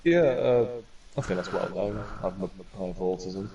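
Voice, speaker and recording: A young man co-hosting a podcast, telling stories in an animated, laughing way. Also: low voice, moderate pace, vocal fry, highs cut off, over a noisy crowd. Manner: animated storyteller, laughs loudly. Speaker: podcast co-host. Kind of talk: casual chat. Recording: distant mic with background noise.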